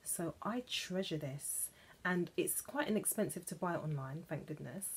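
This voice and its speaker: A woman from England chatting playfully about perfumes, gushing and now and then dropping into soft whispers. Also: lowish voice, animated, normal speed, husky. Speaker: perfume vlogger. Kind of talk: chatty vlog.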